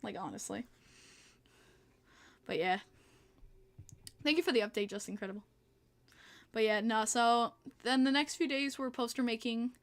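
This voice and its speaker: Young woman host, chatty and giggly, fairly high pitch, talks to live chat. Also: moderate pace, long pauses. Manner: chatty, laughs often, answers chat. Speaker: podcast host. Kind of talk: casual livestream chat.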